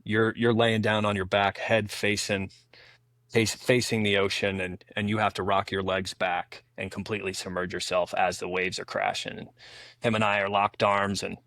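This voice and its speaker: Gravelly low-voiced man telling war stories. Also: flat delivery, moderate pace, fairly bright tone, no room sound. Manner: rambling anecdotal storytelling with many restarts. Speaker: podcast guest, former Navy SEAL. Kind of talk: casual storytelling interview.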